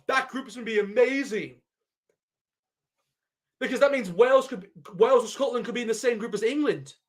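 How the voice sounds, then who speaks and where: A man giving a live reaction to a sports draw, excitable and thinking aloud as he keeps addressing his viewers. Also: sits high. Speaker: sports vlogger.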